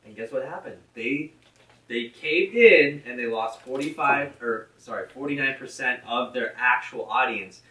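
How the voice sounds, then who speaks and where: Bright blunt guy rambling on a podcast, sounds a bit far from the mic, echoey. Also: medium pitch, a little slow. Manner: blunt, rambling, swears freely. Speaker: podcast host. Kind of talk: casual chat. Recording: roomy echo, from off-mic.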